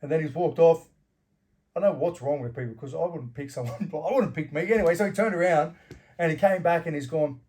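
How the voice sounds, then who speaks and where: Here the ex-fighter and bouncer, a middle-aged Australian, speaks at a quick pace with a high, slightly mellow voice. His casual interview anecdotes about working doors are full of swearing and acted-out quarrels.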